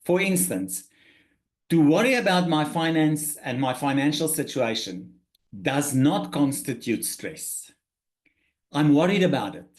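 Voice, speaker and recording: Halting, earnest man with a higher voice. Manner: halting, many restarts and repeated words; earnest, emphatic about key points. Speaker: workshop presenter. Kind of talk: spoken lecture to participants.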